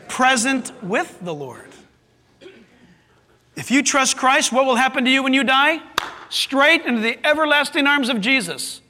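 A man's voice: very high voice, pushed and bright. A male pastor preaching a sermon, emphatic and full of rhetorical questions to his congregation. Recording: long hall reverb.

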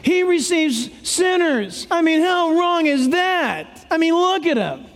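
A man's voice: extremely high pitch, very animated, takes it slowly, long reverb tail, voice pushed up, full character voice. A man mimicking whining self-righteous Pharisees. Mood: mocking whine. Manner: mocking, incredulous whine.

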